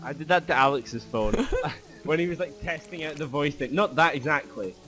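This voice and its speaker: A man chatting casually while gaming, relaxed, laughing along and mostly giving short replies. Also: a little high, moderate pace. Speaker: gaming co-player.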